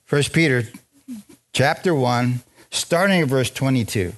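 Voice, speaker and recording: A man preaching a lively, joking sermon in a church, drawing responses from the congregation. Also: medium pitch, a little slow. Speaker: pastor. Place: church sanctuary.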